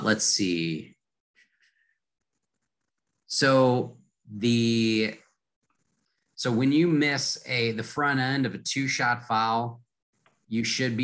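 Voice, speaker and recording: A man moderating a webinar Q&A. He explains patiently and repeats points to make them clear. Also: lowish voice, a bit bright, poor audio.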